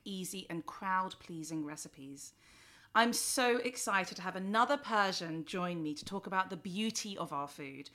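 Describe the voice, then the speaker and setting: A woman's voice: medium pitch, fairly bright tone. A woman from Iran hosting a food podcast, chatting effusively with a guest. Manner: bubbly, effusive. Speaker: podcast host. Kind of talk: casual chat and read ad.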